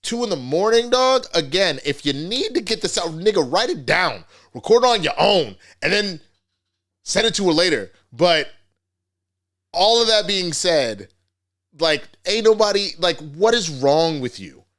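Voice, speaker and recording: A man's voice: sits high, big pitch swings, unhurried, a bit bright. A man hosting a casual commentary vlog, ranting in a profane, rambling, slangy way. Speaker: host.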